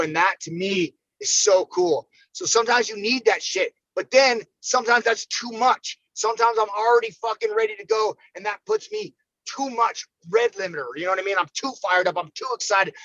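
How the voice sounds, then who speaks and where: High-voiced, fired-up profane American man. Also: huge pitch swings, brisk, creaky, fairly bright tone, no room sound, dull audio. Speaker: podcast guest, fighter. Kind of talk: casual podcast chat.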